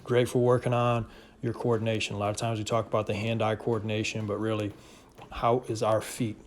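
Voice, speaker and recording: A young adult man in his home garage, giving steady, casual basketball workout instruction in a voice-over. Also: on the low side, brisk. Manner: calm, steady coaching with casual fillers. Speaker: basketball trainer.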